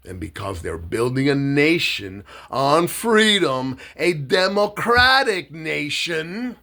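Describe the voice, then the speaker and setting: A man giving an impassioned speech, emphatic, with dramatic pauses, acting out the words of others. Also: a little high, sing-song, gravelly, bright, forceful tone.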